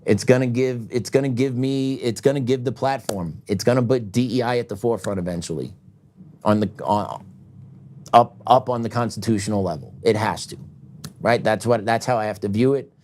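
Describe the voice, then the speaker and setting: A middle-aged man hosting a political talk show, ranting heatedly, with loud outbursts that drop into quieter reflection and frequent laughs. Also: medium pitch, brisk, slight background noise. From United States.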